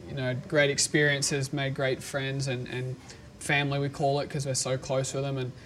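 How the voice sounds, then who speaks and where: A man's voice: medium pitch, normal speed, slight background noise. A man in his twenties with an Australian accent, chatting easily as an interview guest and laughing often. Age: 20s. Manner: easygoing, laughs often, relaxed slang. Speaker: motocross racer, guest. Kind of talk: casual interview chat.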